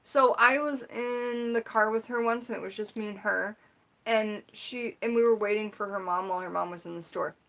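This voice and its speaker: A woman's voice: medium pitch, moderate pace, gravelly, fairly bright tone. Chatty woman teaching on a live stream. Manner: chatty, rambling, frequent "like" and "you know". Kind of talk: casual livestream teaching and storytelling.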